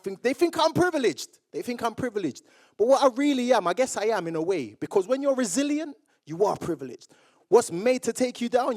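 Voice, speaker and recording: A young man from Jamaica giving a motivational speech to a live audience, telling his story in a lively way and acting out old conversations. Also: sits high. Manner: animated storyteller who acts out remembered dialogue. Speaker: public speaker. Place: awards event room with audience.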